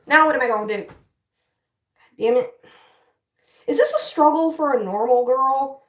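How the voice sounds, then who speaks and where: A woman's voice: sits high, normal speed, a bit bright, far from the mic. A young woman livestreaming as she styles her hair, chatting casually with viewers, frustrated and swearing. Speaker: livestream host. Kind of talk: casual livestream chat while styling hair. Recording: echoey room, voice off-mic.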